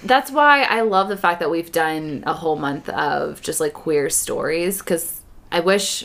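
Lower, bright-toned woman. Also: measured pace. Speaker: podcast co-host. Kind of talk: casual chat.

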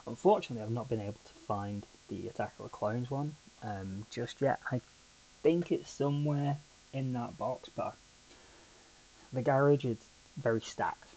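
A man's voice: medium pitch, normal speed, warm tone, a little hiss or hum, rough recording. A man hosting a podcast on his own, telling a rambling, chatty story full of asides. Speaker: podcast host. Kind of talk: casual solo podcast chat.

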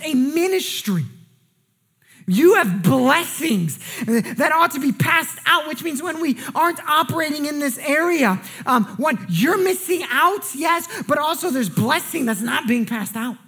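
A woman pastor preaching a sermon in an earnest way, often restarting and repeating words, and sinking low and quiet on key words. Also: expressive, a little slow. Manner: drops pitch and volume for emphasis.

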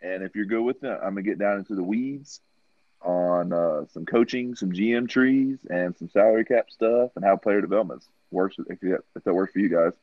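A man with a low voice chats casually about sports and wanders through his points with many fillers. His voice sounds dry and close. The podcast audio is dull and lo-fi. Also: normal speed, no echo. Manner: rambling, full of fillers. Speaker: podcast co-host.

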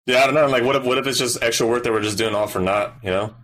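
A man talking casually on a podcast. He hesitates and restarts his sentences often, at a middle pitch. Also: very fast, a bit bright. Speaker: podcast co-host. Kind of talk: casual chat.

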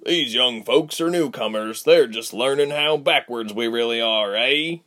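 A man voicing a loud, rustic innkeeper who waves things off with a joke in a storybook. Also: medium pitch, measured pace, voice pushed up, natural voice. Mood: dismissive. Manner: loud, dismissive joking.

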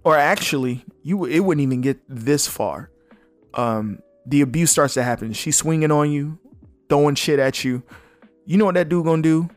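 A man's voice: on the high side, moderate pace, no room sound, faint music behind. Blunt young man, dry sound. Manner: blunt, animated, swears freely. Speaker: podcast host. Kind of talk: casual solo podcast commentary.

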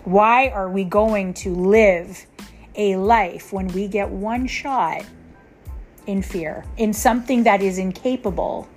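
Blunt, profane woman podcaster ranting. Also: medium pitch. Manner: profane, blunt, emphatic, talks straight to listeners. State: tired. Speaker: podcast host. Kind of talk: raw unscripted solo podcast rant.

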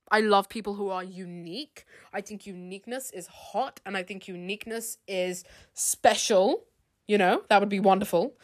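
A woman's voice: medium pitch, no room sound. A young woman hosting a casual, rambling podcast, chatty and self-deprecating with frequent giggles. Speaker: podcast host.

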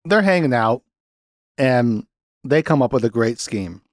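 A young man hosting a podcast, recapping a movie in casual chat, animated and sarcastic, laughing often. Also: mid-range voice, measured pace, pauses often, no room sound, studio quality. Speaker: podcast host.

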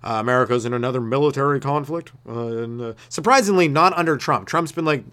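Guy, stand-up comic, loose rambling solo podcast rant, mid-pitched voice. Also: fast, a bit bright, clean tone. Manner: laid-back and meandering, with restarts and acted-out voices.

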